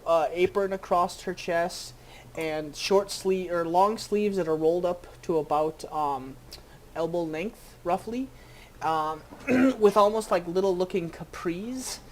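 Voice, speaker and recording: A game master narrating a tabletop game scene, halting with many fillers and restarts. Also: medium pitch, slight background noise.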